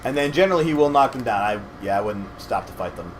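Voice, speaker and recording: A young man walking his partner through a video game, his voice slightly scratchy and his tone mid-pitched. He explains things patiently and hedges his claims with self-deprecating asides. A faint hum runs underneath. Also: expressive, fast. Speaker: co-host gamer guiding his partner. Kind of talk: casual let's-play commentary.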